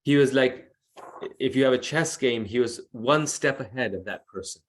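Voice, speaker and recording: A man's voice: mid-range voice, moderate pace. Male devotional lecturer, earnest storyteller, video call audio. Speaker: devotional class speaker.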